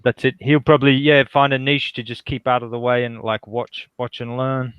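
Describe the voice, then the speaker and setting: A man playing a tabletop game, thinking aloud in casual, halting speech. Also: medium pitch, little pitch movement, clean tone, no room sound, highs cut off. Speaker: player.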